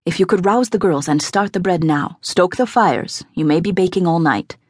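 A woman voicing an elderly male abbey head who is stern and impatient. His voice is rough, as if he is holding back a cough, and he speaks in curt, sarcastic lines. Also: on the low side, normal speed, dry recording, studio quality. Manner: curt, clipped, coldly sarcastic, roaring when crossed.

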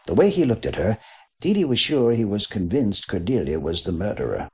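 A man's voice: lowish voice, a little fast. A man narrating a mystery novel as an audiobook, reading expressively. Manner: expressive reading with voiced characters.

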